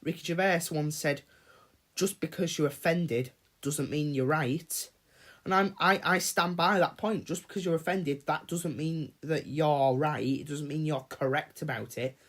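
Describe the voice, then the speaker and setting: A man's voice: fairly high pitch, measured pace, a bit bright. Ranting man on a casual livestream. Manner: ranting, swears freely, chats with viewers in chat. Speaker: livestream host.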